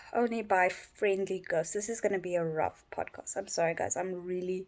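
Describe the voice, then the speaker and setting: A tired, sleep-deprived woman rambling in a personal vlog from her bedroom, yawning and halting with many restarts. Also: fairly low pitch, a little mellow. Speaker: vlogger.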